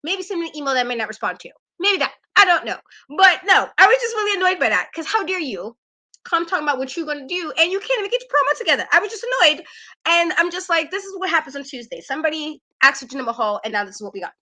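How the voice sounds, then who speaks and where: Sassy woman cohost ranting about wrestling, high voice, repeats stuff for effect. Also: fast. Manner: animated, sassy, repeats herself for emphasis. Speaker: co-host of a wrestling aftershow. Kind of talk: casual opinionated chat.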